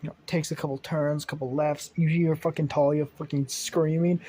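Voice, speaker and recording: A man's voice: a little high, little pitch movement, normal speed, mellow, slightly rough. A young man narrating an improvised fan story, rambling with many fillers and casual swearing.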